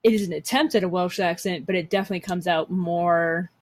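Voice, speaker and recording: A woman's voice: fairly low pitch, steady tone, a little fast. A woman in casual chat as a game player, hesitant, often trailing off and restarting. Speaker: tabletop game player and co-host.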